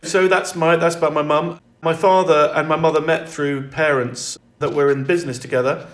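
A man speaking as an interview guest in reflective conversation, halting and restarting often. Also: on the high side, steady tone, a bit bright, roomy sound.

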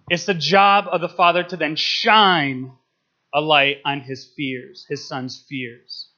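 A young man with a fairly high, steady, pushed and bright voice speaks slowly as a guest in a church service. His jokey church talk is playful and emotional, and he laughs as he talks. The sound is lo-fi.

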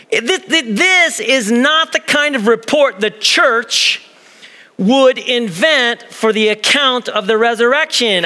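Male pastor, high bright voice, chatty sermon delivery, church hall echo. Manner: animated, conversational, acts out quoted voices. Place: church sanctuary.

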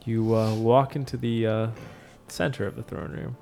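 Game master man narrating with halting fillers. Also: on the low side, fairly even intonation, vocal fry, darkish tone, soft background music.

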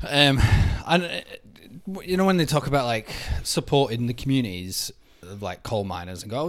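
A man's voice: medium pitch, moderate pace, a bit bright. Easy-laughing man. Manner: laughs easily, teasing. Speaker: podcast co-host. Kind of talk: casual chat.

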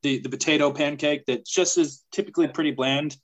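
A man's voice: brisk, rough recording. A man co-hosting a podcast, joking and rambling in casual chat. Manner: jokey, rambling, pitching mock ads. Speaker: podcast co-host.

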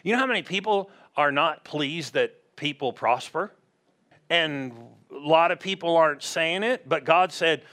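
A middle-aged man preaching a sermon as pastor, animated and conversational, acting out little voices to make his points. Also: fairly high pitch, unhurried.

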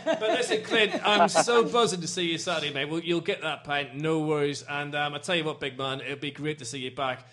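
A man's voice: a little high, a little fast, few pauses, fairly bright tone. A man in his forties hosting a football podcast, bantering and speaking with passion. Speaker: podcast host. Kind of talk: casual chat, impassioned speech.

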